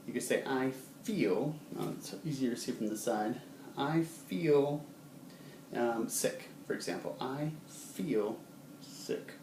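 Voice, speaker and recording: A man teaching a casual video lesson in a relaxed way, with many ums, who acts out short example phrases. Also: medium pitch, a little slow. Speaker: sign language teacher. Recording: roomy, distant, faint background hum.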